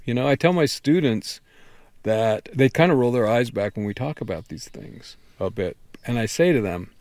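A man's voice: mid-range voice, lively intonation, moderate pace, darkish tone, no room sound. A man who writes and teaches, speaking as an interview guest with earnest enthusiasm, often restarting as he thinks aloud. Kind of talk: conversational interview.

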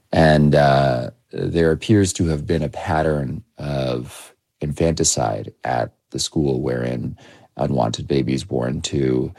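Very deep gravelly man, dry sound. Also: darkish tone, dry recording. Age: 30s. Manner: measured, with many restarts and hedging fillers. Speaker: documentary filmmaker, interview guest. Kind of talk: reflective interview answers.

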